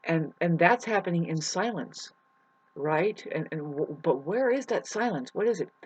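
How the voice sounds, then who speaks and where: A spiritual vlogger rambling through a monologue to camera, full of restarts and sudden loud mocking outbursts, swearing casually. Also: mid-range voice, expressive, moderate pace, breathy edge, poor audio.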